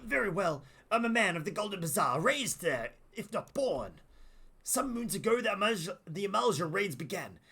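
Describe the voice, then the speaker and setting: A man's voice: sits high, very animated, normal speed, sharp tone, slightly rough, exaggerated voice. An Australian man reading as a frightened desert merchant. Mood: pleading. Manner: read-aloud game dialogue, pleading, melodramatic. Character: nervous male desert merchant, pleading and fearful.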